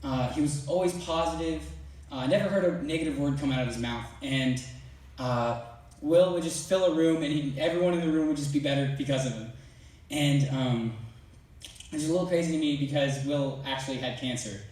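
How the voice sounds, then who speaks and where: Teen guy chatting loosely at youth group, kinda high voice, big echoey hall, mic sounds far off. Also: brisk, darkish tone. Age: teens. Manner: casual, rambling, filler-heavy. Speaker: student speaker at church youth service. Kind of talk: youth talk with playful retold dialogue. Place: large church hall.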